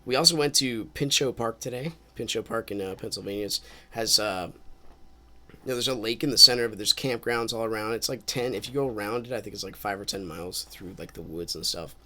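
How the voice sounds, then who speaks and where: A man's voice: fairly low pitch, a little fast, bright, forceful tone. A man streaming a game with casual commentary, rambling and thinking aloud as he drifts into musings.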